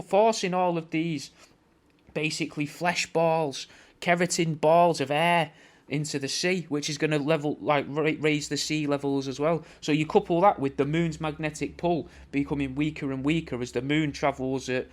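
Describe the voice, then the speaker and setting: A man's voice: fairly high pitch, fairly even intonation, normal speed. A man hosting a podcast, rambling through a sweary, mock-conspiratorial comedic rant and calling the listener mate. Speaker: podcast host.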